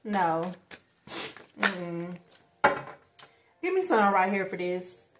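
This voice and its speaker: A woman's voice: medium pitch, very animated, slow pace, very noisy. A woman giving a casual tarot reading who talks bluntly and swears a lot, speaking straight to her viewers in slang. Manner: slangy, emphatic, bursts of laughter. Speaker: tarot reader.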